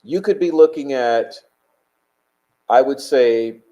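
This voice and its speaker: A man's voice: medium pitch, slow, dark tone, dull audio. A man hosting a live stream, reading chat and talking bluntly, combative and profane.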